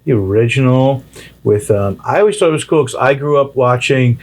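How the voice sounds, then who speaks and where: A man's voice: mid-range voice, lively intonation, moderate pace. Joking male podcast host, casual. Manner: joking, loose storytelling with profanity. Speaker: podcast host and tattoo artist. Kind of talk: casual chat. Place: tattoo shop.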